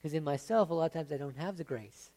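Guy giving a casual sermon, fairly high voice, gets lively then goes quiet and earnest. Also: fast. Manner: conversational, frequent "right?" and "okay?" check-ins; animated, swings between lively emphasis and quiet earnest delivery. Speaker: pastor.

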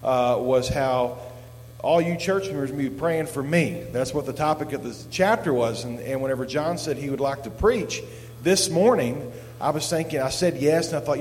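A man's voice: on the high side, moderate pace, a little mellow, long reverb tail, slight background noise, low-quality recording. A man, a church pastor, introducing a guest preacher in a conversational way, correcting himself as he goes. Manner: conversational, self-correcting storyteller. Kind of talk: sermon introduction. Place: church sanctuary.

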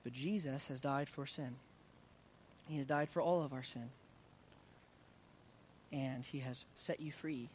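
A man preaching a sermon as pastor, earnest, rising in intensity and then dropping soft to pray. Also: medium pitch, fairly even intonation, unhurried, pauses often, slight background noise.

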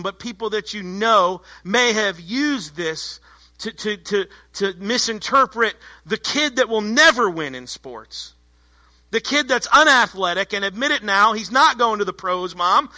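A man preaching a sermon as pastor, animated and conversational, joking with the congregation. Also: high-pitched, unhurried.

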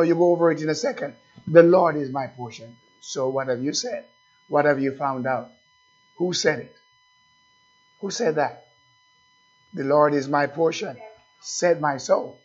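A male pastor preaches at a slow, deliberate pace, his voice slightly husky and pitched a little high. He keeps asking the listeners questions and repeating his phrases. The recording sounds dull and lo-fi. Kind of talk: sermon.

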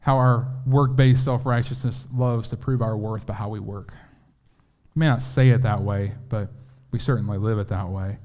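A man's voice: on the low side, steady tone, normal speed, darkish tone. A man preaching a sermon in a conversational way, acting out quotes and often restarting his sentences.

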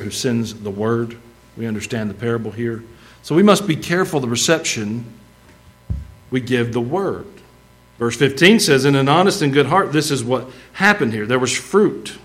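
A man's voice: mid-range voice, normal speed, poor audio. A man preaching a sermon in a church, reading scripture aloud and mixing in casual, humorous asides. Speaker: pastor. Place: church sanctuary.

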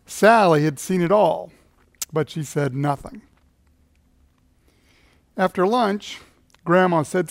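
A man's voice: high voice, slow pace, gravelly, pauses often. A male pastor telling a story in a sermon, chuckling at his own tale.

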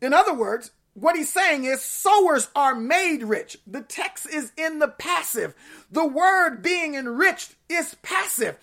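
A woman with a high-pitched voice delivers a sermon. She is emphatic and exclamatory, and she repeats scripture phrases over and over to drive each point home. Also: lively intonation, slow pace, a bit bright. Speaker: preacher.

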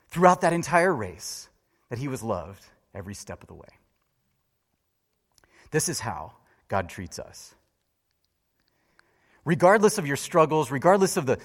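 A man preaching a sermon, telling a story and swinging between loud lively peaks and hushed low lines. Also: big-room sound.

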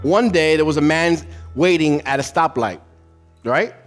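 Male pastor, higher-pitched, animated sermon delivery with acted-out story voices. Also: measured pace, faint music behind. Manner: animated, acts out voices in a story, laughs at own jokes.

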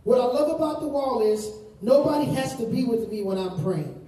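A male pastor preaching a sermon to a congregation, stressing words and stretching out key phrases slowly. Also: extremely high pitch, lively intonation, warm tone. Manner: emphatic preaching with slow drawn-out phrases. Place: large room with congregation. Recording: very echoey room, distant mic.

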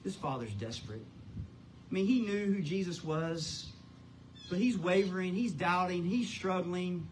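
A man's voice: high-pitched, a little slow, a little hiss or hum, poor audio. Preaching man with a lifted voice. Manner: preaching with big rising emphasis on key words. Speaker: pastor. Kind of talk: sermon. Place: church.

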